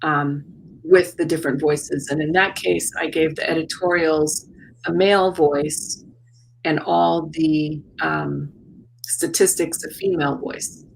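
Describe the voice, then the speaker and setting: A woman who is an artist and educator, talking as an interview guest in a reflective, searching way with many pauses and repeats. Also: low-pitched, steady tone, gravelly, a little hiss or hum, poor audio. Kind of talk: casual interview talk. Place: South Florida.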